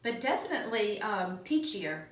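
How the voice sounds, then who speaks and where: A woman co-hosting a wine podcast, reacting quickly with short tasting remarks and frequent laughs. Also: mid-range voice, sing-song. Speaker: podcast co-host. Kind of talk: casual wine tasting chat. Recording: echoey room, mic at a distance.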